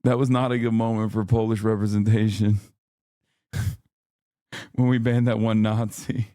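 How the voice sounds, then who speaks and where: A man's voice: on the low side, level tone, moderate pace, dark tone, dry recording, clean studio sound. A man streaming from home, chatting casually with his viewers in a brash, profane way and laughing often. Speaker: streamer reacting to a video. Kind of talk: casual live-stream chat.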